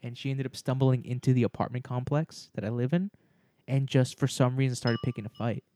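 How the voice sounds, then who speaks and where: A man with a mid-range voice speaks briskly, recorded cleanly in a studio with no room sound. He's co-hosting a casual podcast and telling an animated story, swearing freely and acting out the voices of the people in it.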